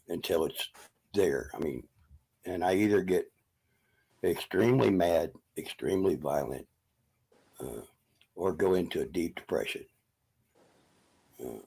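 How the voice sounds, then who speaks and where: A man speaks haltingly on a video call, with a very deep, gravelly and husky voice. He fills his pauses with many uh sounds. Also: a little mellow. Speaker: open mic participant. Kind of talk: casual chat on a video call.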